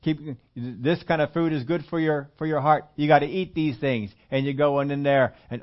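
A man's voice: fairly high pitch, fairly even intonation, normal speed, few pauses, dull audio. An older man preaching a sermon in a church, talking in a folksy, conversational way with many repetitions. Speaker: pastor.

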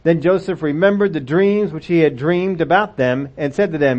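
A man's voice: on the high side, normal speed, few pauses, darkish tone. A man preaching a sermon and reading from the Bible in a conversational way, asking his listeners rhetorical questions. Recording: dull lo-fi recording.

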